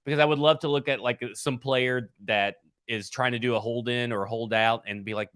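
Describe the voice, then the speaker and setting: A man talks sports contracts in a blunt, methodical way. His voice is bright and forceful at a middle pitch. The sound is dry and close to the mic. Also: fairly even intonation, fairly quick, clean tone, dry recording. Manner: blunt, explains numbers step by step. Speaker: sports show co-host and salary cap analyst. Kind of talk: casual sports talk.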